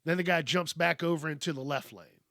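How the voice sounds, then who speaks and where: A man hosting a podcast, telling a story in a casual, animated, profane and wry way. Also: on the high side, brisk, creaky, dry recording, studio quality. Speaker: podcast host.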